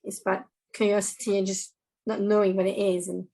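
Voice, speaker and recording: Woman, parent panelist, plain-spoken, monotone, gravelly. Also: medium pitch, fairly quick, low-quality recording. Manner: matter-of-fact, plain-spoken. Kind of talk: live panel discussion.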